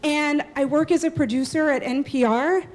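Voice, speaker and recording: A woman in her thirties telling a true personal story live on stage, lively and laughing, acting out the voices of the people she quotes. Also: high-pitched, moderate pace, heavy background noise. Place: small live venue with audience.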